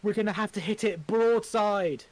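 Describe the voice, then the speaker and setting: Imagine a cocky young swindler who gets nervous fast, as a man puts him on in a fan script reading. His lines burst out in an urgent, stammering rush. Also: sits high, pitched above the performer's own voice, natural voice.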